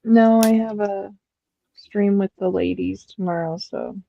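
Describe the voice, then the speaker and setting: A woman's voice: mid-range voice, fairly even intonation, measured pace, gravelly, lo-fi sound. A woman hosting a casual group chat stream while everyone builds sets, teasing and matter-of-fact. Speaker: streamer host.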